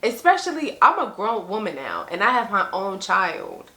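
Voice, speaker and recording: A young woman vlogger delivers a casual, earnest monologue in a bright, forward voice of medium pitch at normal speed. Her conversational style leans on "like" and "you know," and she slips into animated impressions of other people. The room gives a noticeable echo.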